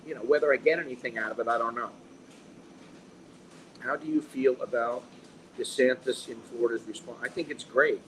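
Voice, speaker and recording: American guy ranting at a cafe, swears a lot, keeps restarting, mid pitch, bit of cafe noise behind. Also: fairly even intonation, a little fast, long pauses, a bit bright, distant mic, low-quality recording. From United States. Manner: rambling, profane, restarts often. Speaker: vlogger. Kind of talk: casual chat.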